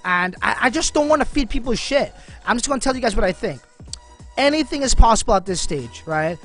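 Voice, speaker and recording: A man's voice: very high-pitched, lively intonation, a little fast, fairly bright tone. Male livestream host, loose and slangy, talks straight to viewers, faint music underneath. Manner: slangy, filler-heavy, addresses viewers as man and bro. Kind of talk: casual live-stream chat.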